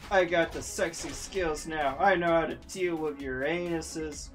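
A woman hosting a let's play, giving excitable, profane commentary full of yelps and battle cries. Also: sits low, measured pace, faint music behind. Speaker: gaming channel host.

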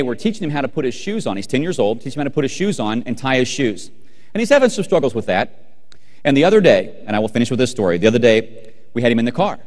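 A middle-aged man giving a humorous storytelling keynote to a live audience, acting out family scenes and talking directly to the crowd. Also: mid-range voice. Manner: animated, acts out family scenes, talks to the audience. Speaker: keynote speaker. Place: large hall with a live audience. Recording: long hall reverb.

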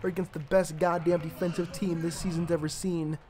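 A man's voice: a little high, level tone, brisk. A young man casually commentating his own basketball video game, muttering, swearing and trash-talking the players on screen. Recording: home recording with clear background noise.

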